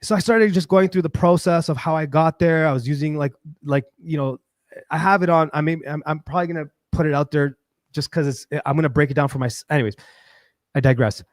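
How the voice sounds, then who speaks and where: A man hosting a show, talking in a casual, rambling personal monologue with frequent restarts and animated bursts. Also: fairly high pitch, a little fast, no room sound, clean studio sound. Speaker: show host.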